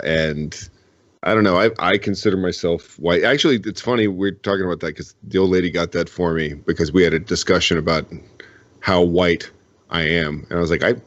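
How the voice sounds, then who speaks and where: Deep-voiced man rambling in casual chat. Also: fairly even intonation, a little fast, no room sound, dull audio. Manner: rambling, profane, loose.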